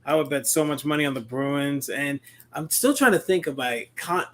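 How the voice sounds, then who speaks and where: A man's voice: fairly high pitch, moderate pace, a bit bright. A man co-hosting a podcast, chatting offhandedly about games and betting. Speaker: podcast co-host. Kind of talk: casual sports chat.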